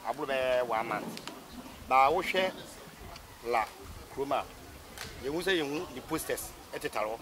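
A man's voice: medium pitch, lively intonation, normal speed, pauses often, over music. A man voicing a plain complaint about campaign posters.

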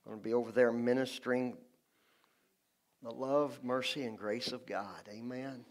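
A man's voice: medium pitch, fairly even intonation, measured pace. A man leading a church service as pastor, fervently repeating short phrases for emphasis. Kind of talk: sermon. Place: church sanctuary.

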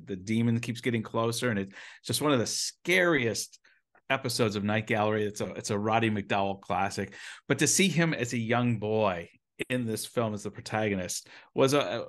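A man's voice: mid-range voice, fairly bright tone. American man co-hosting a film chat. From United States. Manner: enthusiastic, rambling, with restarts. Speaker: podcast co-host. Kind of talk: casual film review chat.

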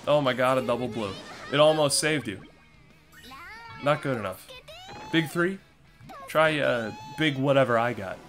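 A man's voice: medium pitch, moderate pace, long pauses, fairly bright tone, faint music behind. Young guy doing casual game commentary, cocky sarcastic trash talk, normal mid voice. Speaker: gaming streamer.

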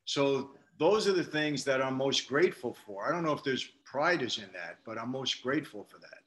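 A man's voice: medium pitch, lively intonation, normal speed, a bit bright. An older man, a guest on an interview show, reflecting candidly and telling stories from his life with frequent restarts. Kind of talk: storytelling interview.

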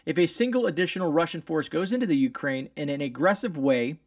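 A man with a somewhat high voice comments on the day's news and reads it aloud, rambling and sarcastic, often stopping and restarting his sentences. The sound is dry and close, but he sits a little back from the mic. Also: lively intonation, quick pace, dry recording, recorded from a distance. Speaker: channel host.

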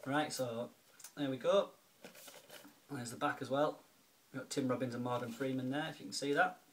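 A man vlogs casually from home, a film collector who thanks a friend warmly and chattily, his speech full of ums and restarts. His voice is medium-pitched and steady at normal speed, with slight background noise.

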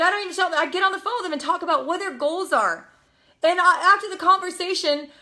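A woman network marketing coach giving a lively motivational talk, emphatic and energetic, acting out little quotes as she goes. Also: sits high.

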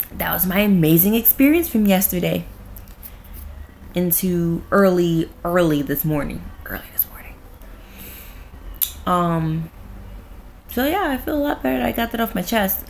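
A woman's voice: on the low side, animated, moderate pace, pauses often, a little hiss or hum. A young woman at home, ranting bluntly and profanely in a casual vlog. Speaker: vlogger. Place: at home with her cat.

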